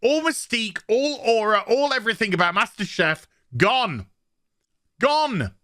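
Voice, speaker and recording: Sweary man ranting, high and bright. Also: big pitch swings, a little slow, no room sound, clean studio sound. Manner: angry, sweary, sarcastic ranting. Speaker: YouTube reviewer. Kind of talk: ranting review vlog.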